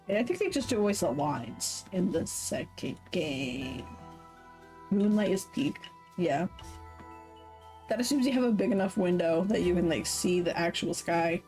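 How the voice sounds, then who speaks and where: A woman's voice: medium pitch, mellow, rough recording. A woman streamer reading a visual novel aloud with live commentary, swearing casually, laughing often and correcting herself mid-sentence. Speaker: Twitch streamer.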